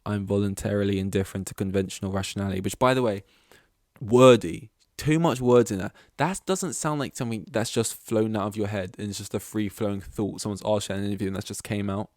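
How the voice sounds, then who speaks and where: Man, solo podcast host, rambling, self-deprecating, low voice, dry close sound. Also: brisk, darkish tone, no echo.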